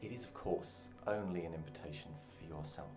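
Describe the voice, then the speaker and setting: A man voicing a secretive wealthy woman with an unblinking stare, speaking low and half whispered. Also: fairly quick. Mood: hushed, conspiratorial. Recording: muffled, with faint music.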